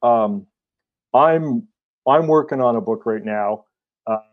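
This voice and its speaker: A man interviewing an author as a fellow writer, speaking in a halting, thoughtful way with many hesitations. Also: mid-range voice, phone-quality sound. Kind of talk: casual interview.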